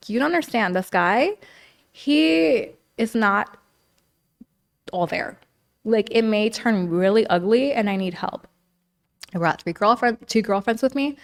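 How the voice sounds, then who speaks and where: A woman guest on a podcast, telling her story candidly and at length, often saying "like" and acting out what people said. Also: mid-range voice. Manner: talkative, heavy use of "like", acts out quoted dialogue.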